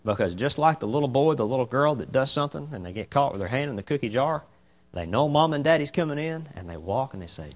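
A man teaching an informal Bible class in a folksy, animated way, often asking the group questions. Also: mid-range voice, fast talker.

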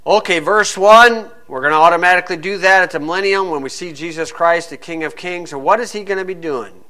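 A man's voice: high voice, expressive, moderate pace, bright, forceful tone. A man preaching a sermon, full of rhetorical questions, acting out hecklers and reading scripture aloud.

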